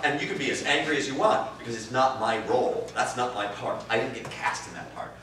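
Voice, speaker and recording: A man teaching improv, answering interview questions in an animated way, swearing and swinging from quiet musing to loud bursts. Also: medium pitch, fairly quick, few pauses. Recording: distant roomy recording with faint noise.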